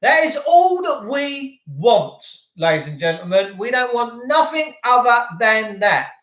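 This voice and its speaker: A man hosting a live stream from home, talking to viewers in an excitable, effusive, rambling way. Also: extremely high pitch, unhurried, echoey room. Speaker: channel host. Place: indoors at home.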